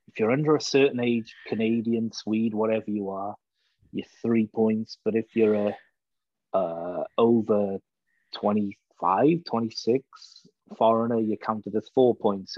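A man's voice: fairly low pitch, no room sound, dull audio. A man with a Welsh accent, chatting casually as a guest and telling stories with plenty of swearing. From Wales. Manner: laid-back storyteller who swears freely. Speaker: podcast guest, former hockey player. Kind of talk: casual chat.

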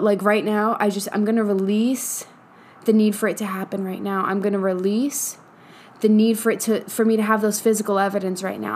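In a slightly high voice, a young woman running a podcast offers a laid-back motivational monologue, cursing often, laughing a lot and speaking emphatically. A little background noise is present.

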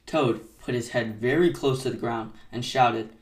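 A man hosting a bedtime story podcast, reading aloud gently in a soothing, unhurried style. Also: mid-range voice, reverberant, distant mic.

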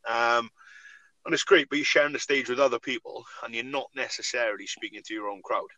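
Forceful, chatty man on a podcast. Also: mid-range voice, steady tone, a little fast, no echo, rough recording. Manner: enthusiastic, peppers talk with "mate" and "you know what I mean". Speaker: podcast co-host. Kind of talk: casual chat.

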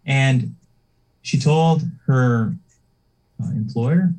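A man's voice: medium pitch, a little mellow, rough recording. Earnest man telling a sermon story. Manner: earnest, unhurried, acts out quoted voices. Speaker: preacher.

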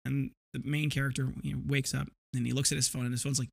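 A man's voice: medium pitch, little pitch movement, fast talker, gravelly. A man in his thirties hosting a podcast, telling a rambling, vivid story with frequent restarts. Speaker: podcast host. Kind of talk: casual storytelling monologue.

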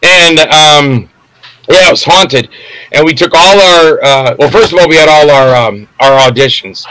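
A man's voice: fairly high pitch, unhurried, bright, forceful tone, smooth, low-quality recording. A man, an independent film director and guest, telling stories in a casual, rambling way and often losing names mid-sentence.

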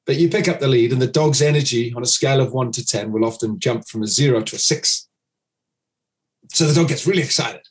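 A man's voice: mid-range voice, a little fast. A man, a dog trainer, explaining his method in an interview, acting out owners' commands.

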